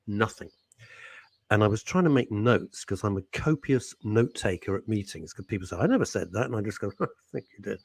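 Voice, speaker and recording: A man hosts a radio show with a gravelly, fry-tinged voice that swings widely in pitch as he jokes. He rambles from one aside to the next, poking fun at himself. The sound is close and dry, with no room around it. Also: dry recording. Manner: rambling, jokey, self-mocking. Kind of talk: casual chat. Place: radio studio.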